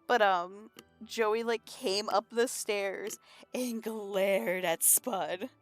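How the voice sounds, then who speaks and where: Slow-talking woman chatting while she draws. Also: mid-range voice, fairly even intonation, soft background music. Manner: rambling, laughs often, swears casually. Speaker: streamer and comic artist. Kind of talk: casual chat while drawing. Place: at home in her room.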